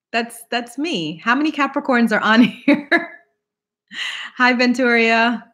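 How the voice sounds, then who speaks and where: A woman's voice: fairly high pitch, measured pace, fairly bright tone. Chatty woman giving a live tarot reading. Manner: chatty, laughs often, greets viewers by name. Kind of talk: live-streamed tarot reading, casual chat.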